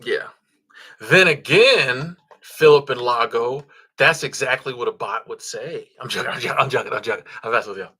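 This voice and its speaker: A man's voice: mid-range voice, fairly even intonation, quick pace, pushed and bright, breathy edge. A man, hosting a casual livestream, reading viewer comments and thanking supporters in a laid-back, chuckling way with lots of ums and restarts. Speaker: livestream host.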